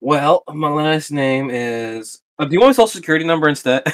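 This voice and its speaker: Wisecracking man with a lively voice. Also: fairly high pitch, a little fast. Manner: dry joking quips. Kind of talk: casual chat over voice call.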